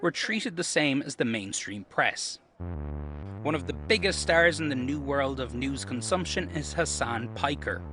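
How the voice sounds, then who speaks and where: A man's voice: medium pitch, animated. A man narrating a news report as scripted voice-over. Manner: measured narration. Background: music bed.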